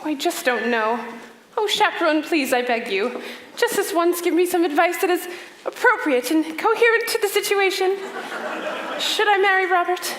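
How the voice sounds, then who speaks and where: A woman's voice: very high-pitched, expressive, moderate pace, a bit bright, slight background noise. A young woman playing a vain, glamorous showgirl bride with a breathless, theatrical delivery. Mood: dramatic. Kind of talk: stage musical acting. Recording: echoey theater hall with music.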